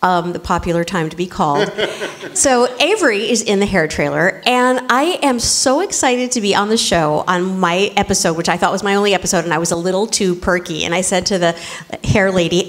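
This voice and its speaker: A woman guest on a panel at a public event, telling anecdotes in an animated, laughing way. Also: mid-range voice, a little fast.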